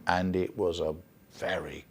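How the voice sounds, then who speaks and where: A man's voice: low-pitched, steady tone, measured pace, a little hiss or hum. A man interviewed for a documentary, recalling events in a reflective, emphatic way. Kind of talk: interview recollection.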